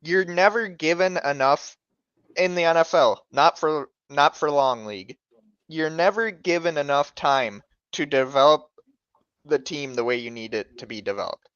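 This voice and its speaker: A man's voice: on the high side, moderate pace, a bit bright, smooth, dry recording, highs cut off. A man co-hosting a podcast, profane and opinionated in casual sports chat. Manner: profane, opinionated, name-dropping. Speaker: podcast co-host.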